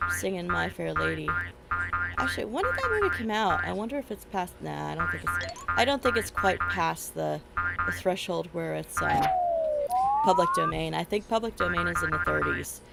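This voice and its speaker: A middle-aged woman streams a game, her voice on the low side, creaky and sing-song at a normal speed. She chats in a rambling, casual way and laughs often, with game music in the background of a rough recording.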